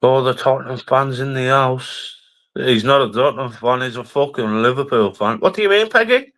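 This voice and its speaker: A man's voice: mid-range voice, normal speed, fairly bright tone. A man from Northern England co-hosting a live stream, trading crude, sweary, mocking banter.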